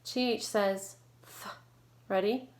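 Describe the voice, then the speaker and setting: A woman teacher leading an online phonics lesson, modeling sounds clearly and slowly and praising her students. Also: mid-range voice, steady tone. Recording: echoey room with faint noise.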